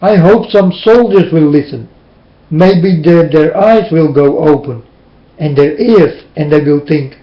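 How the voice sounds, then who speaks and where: A man's voice: fairly high pitch, a little slow. A man delivering a preachy, scolding monologue to his listeners, with emphatic, plain and slightly non-standard phrasing. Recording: roomy, dull lo-fi recording.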